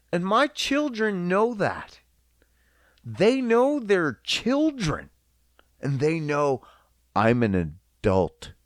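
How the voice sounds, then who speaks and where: A man hosting a podcast, delivering a casual comedic rant full of profanity in an animated, mocking way. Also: high voice, dry recording, clean studio sound. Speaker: podcast host.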